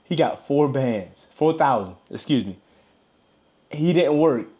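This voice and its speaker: A man hosting a live reaction, repeating key points with drawn-out pauses as he comments on a caller's story. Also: medium pitch, animated, dark tone.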